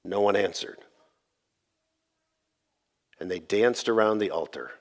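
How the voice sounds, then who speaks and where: A middle-aged man pastor preaching a sermon, telling the story with lively, sarcastic quoted lines and occasional laughs. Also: fairly low pitch, slow.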